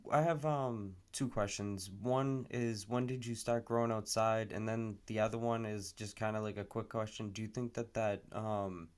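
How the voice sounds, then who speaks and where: A man interviewing, asking halting, hesitant questions. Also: lowish voice, fairly even intonation, clear, resonant tone. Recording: quiet, off-mic.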